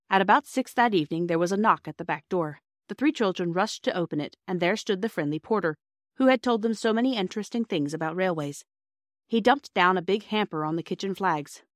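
A woman narrating a classic children's story as a podcast host, in a clear, steady reading voice. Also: medium pitch, no echo, studio quality.

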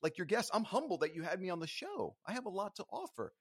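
Earnest man with a lively voice. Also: high-pitched, fast, husky, no echo, studio quality. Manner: earnest, motivational, rambling restarts. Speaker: podcast guest. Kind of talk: casual podcast interview.

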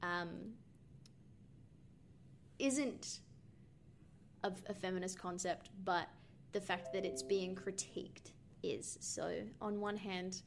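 A woman's voice: lowish voice, slow, long pauses, a little hiss or hum. A young woman co-hosting a podcast, talking through a film in a thoughtful, rambling way with many fillers. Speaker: podcast co-host. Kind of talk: casual film discussion.

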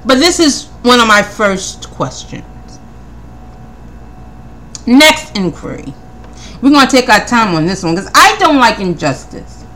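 An animated woman with a fairly high, lively voice hosts a podcast, working through her handwritten notes. She rattles off pointed questions one after another, doubling back on her words, with a preacher's conviction. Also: a little hiss or hum. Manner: animated, rapid-fire questioning, repeats words; preacherly Christian tone. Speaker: podcast host. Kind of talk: casual commentary from notes.

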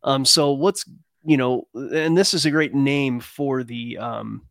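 A man hosting a trading show, talking in a relaxed, rambling way with many fillers. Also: mid-range voice, slow pace, gravelly, no echo, studio quality. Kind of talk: casual chat.

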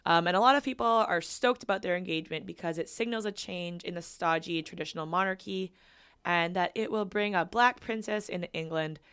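A woman's voice: lowish voice, brisk, fairly bright tone, clear, resonant tone. A woman co-hosting a podcast in casual chat, reading housekeeping notes with plenty of ums. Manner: chatty, reads housekeeping notes with filler ums. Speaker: podcast co-host.

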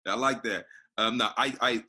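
A very low-pitched man, an actor chatting as an interview guest. His voice is forceful and bright despite its depth. He talks thoughtfully, circling back and repeating words as he works out what to say. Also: fairly even intonation, normal speed, slight background noise. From England. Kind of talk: casual interview chat.

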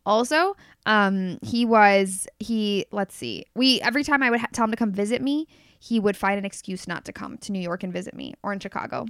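Fast-talking woman telling a candid story. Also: medium pitch, clean tone, dry recording, studio quality. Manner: candid storytelling, quick and animated. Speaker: podcast guest. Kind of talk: casual chat.

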